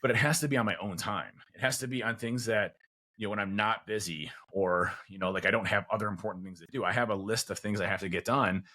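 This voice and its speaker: A man's voice: fairly low pitch, fast talker, sharp tone. A man, likely a father of teens, chatting casually as a podcast guest, rambling with lots of fillers and acting out quoted conversations. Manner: rambling, many fillers and restarts; acts out quoted dialogue.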